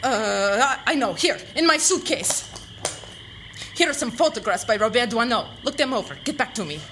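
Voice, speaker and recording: Brief: high, bright melodramatic femme fatale, formal and theatrical, radio sketch with music. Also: female voice, expressive, moderate pace, slight background noise. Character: dramatic mysterious woman with a violent past. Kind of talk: radio comedy sketch acting.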